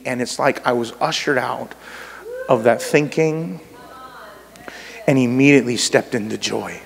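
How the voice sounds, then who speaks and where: A man preaching a sermon as pastor, animated and conversational, swinging between loud and soft delivery. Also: fairly high pitch, normal speed, vocal fry. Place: church sanctuary. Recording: reverberant church hall.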